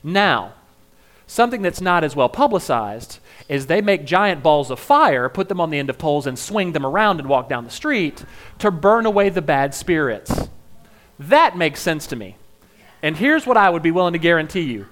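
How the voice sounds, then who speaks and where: Male comic speaker, higher voice, animated and joking. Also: moderate pace. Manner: joking asides, animated and playful. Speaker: comedic speaker. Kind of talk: comedic monologue.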